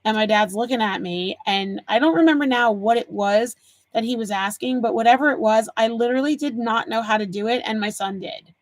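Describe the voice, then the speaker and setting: A woman's voice: on the high side, fairly quick, dry recording. A woman in her forties hosting a live stream, chatting casually with viewers and telling stories while she works on a craft project. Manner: chatty storyteller, answers viewers' comments. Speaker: livestream host.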